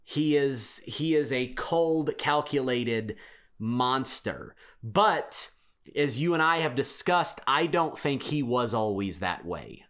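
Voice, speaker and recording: A man co-hosting a podcast, speaking slowly and deliberately in a casual chat. His voice is smooth and resonant, and he delivers his opinions in firm, emphatic statements. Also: mid-range voice, lively intonation, a bit bright. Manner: emphatic, declarative, enthusiastic opinions. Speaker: podcast co-host.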